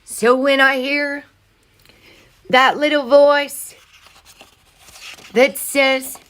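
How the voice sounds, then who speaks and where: A woman speaking at home in an earnest, heartfelt spiritual monologue, now and then drifting into soft singing. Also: high-pitched, fairly even intonation, extremely slow. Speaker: vlogger sharing grief healing. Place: home, in her child's room.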